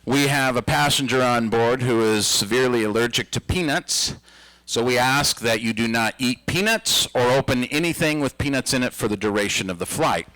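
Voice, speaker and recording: A flight attendant on the intercom, formal and measured, pitched a little lower than the speaker's usual talk, as a comedian puts it on. The delivery is stiff and announcer-like, with a dry close sound. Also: male voice, sharp tone, no room sound, natural voice, poor audio. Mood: mock-formal.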